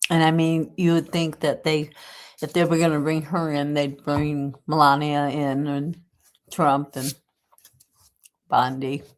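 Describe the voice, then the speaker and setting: A Southern US woman, stuffed up with a cold, runs a relaxed livestream indoors at home. She speaks low and level without hurrying, rambling chattily and dropping plenty of ums.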